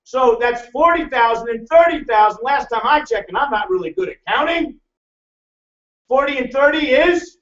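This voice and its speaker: A man presenting a financial seminar to a live audience, loud, emphatic and hectoring as he teases the crowd. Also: very high-pitched, lively intonation, normal speed. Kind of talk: motivational seminar lecture. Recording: echoey, distant, dull room recording.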